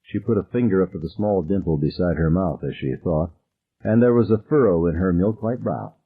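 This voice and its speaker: Expressive male audiobook narrator with a low husky voice; tinny phone-like sound. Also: a little fast. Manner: dramatic and expressive.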